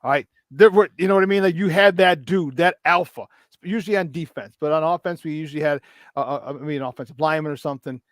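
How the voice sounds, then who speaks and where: Man, sports talk co-host, slightly high voice, dry close sound, rambling fillers, swears, loud when acting out scenes. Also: fast talker, no echo. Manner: animated storyteller who shouts in retold scenes, swears freely. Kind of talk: casual sports radio chat.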